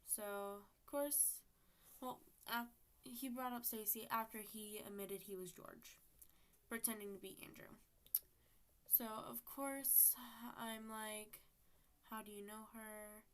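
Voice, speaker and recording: A teenage girl with a slightly high voice tells her viewers a personal story at a slow pace, acting out text messages and using lots of fillers. She's a storytime vlogger keeping things casual.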